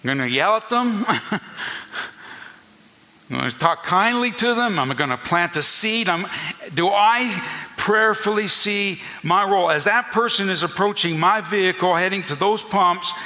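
Slow bright-voiced preacher in a hall. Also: male voice, high-pitched, animated. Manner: earnest teaching preacher, emphatic repetition. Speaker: pastor. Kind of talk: sermon.

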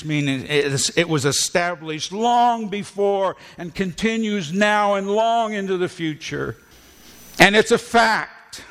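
Slow, emphatic preaching man in a hall. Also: a little high. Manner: slow, emphatic preaching with repeated words and drawn-out stresses. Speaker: pastor. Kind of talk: sermon. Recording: long church hall reverb.

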